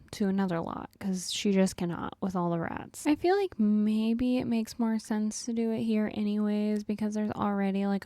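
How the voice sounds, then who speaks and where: A young woman chats her way through a life-sim game in a relaxed, upbeat tone, talking straight to her viewers. Her voice is mellow and soft-edged. The sound is dry and close, with almost no room around it. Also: medium pitch, dry recording. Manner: chatty, upbeat, talks to viewers as "guys" and "y'all". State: has the hiccups. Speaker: gaming channel host. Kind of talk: casual gameplay commentary.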